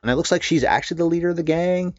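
A man co-hosting a casual film discussion, animated and blunt, with some swearing. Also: a little high, rapid-fire, no room sound, lo-fi sound. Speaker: film podcast co-host.

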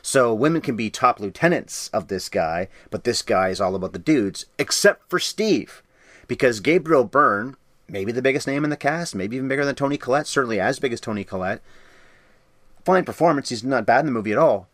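Brief: male podcast co-host, brisk and chatty, dry studio sound. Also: medium pitch, lively intonation, a bit bright, no echo. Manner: quick, talkative, jokey asides. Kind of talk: casual film discussion.

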